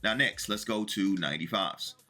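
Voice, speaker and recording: A man casually talking viewers through a video game, chatty and working through his math out loud. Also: on the low side, moderate pace, faint music behind. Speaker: gaming video creator. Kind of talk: casual commentary to viewers while opening packs.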